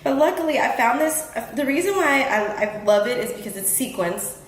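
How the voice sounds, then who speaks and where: A woman's voice: high-pitched, animated, moderate pace, reverberant, rough recording. A woman hosting her own show, talking earnestly and casually to her listeners, with frequent ums and restarts. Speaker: podcast host. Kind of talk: casual talk to the audience. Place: home room in Houston.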